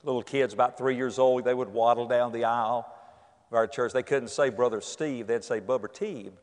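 A man's voice: mid-range voice, fairly even intonation, a little fast. A middle-aged man with a North Carolina accent, preaching a storytelling sermon in a church and acting out the voices in his stories. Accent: Southern US, North Carolina. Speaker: pastor. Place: church, indoors. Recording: echoey church hall.

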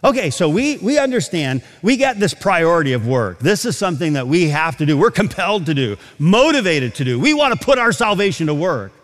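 Male preacher, lively pitch, emphatic sermon delivery, long hall reverb. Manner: emphatic, slows down to stress scripture.

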